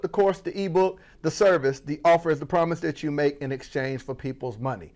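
A man from Florida coaching on business, talking to the audience as family with a playful, animated delivery. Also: a little high. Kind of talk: energetic motivational teaching.

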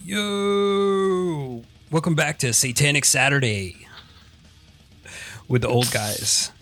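A middle-aged man co-hosting a podcast, easygoing and curious, quick to laugh and ask questions. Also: medium pitch, bright, forceful tone. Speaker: podcast co-host. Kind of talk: casual chat.

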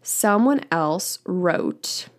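A woman's voice: fairly low pitch, expressive, drawn-out words. A young woman hosting her own podcast, chatting casually and bubbly as she reads out listener comments. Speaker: podcast host. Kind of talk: casual solo podcast chat.

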